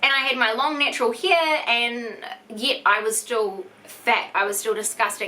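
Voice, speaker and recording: A woman of twenty-five with a New Zealand accent, speaking in a bright, crisp tone with a slightly high pitch. She tells a personal story to camera in a frank, conversational way, peppered with "like.". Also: steady tone, normal speed, hardly any pauses. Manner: frank and chatty, heavy use of "like". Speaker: vlogger. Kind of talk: candid storytime monologue.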